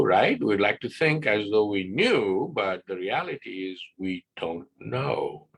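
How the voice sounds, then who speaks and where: A man's voice: on the low side, unhurried, gravelly, hardly any pauses, husky. An older man giving a casual wellness presentation on a video call, checking in often with "right?". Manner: relaxed teaching talk with frequent "right?" checks. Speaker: wellness guest speaker. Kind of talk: casual presentation on an online class.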